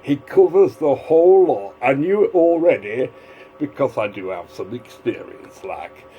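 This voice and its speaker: A man's voice: medium pitch, animated, a little slow, husky, dull audio, faint music behind. A man giving a casual, rambling video commentary, drifting between asides. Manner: rambling, digressive, full of fillers and restarts. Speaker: vlogger.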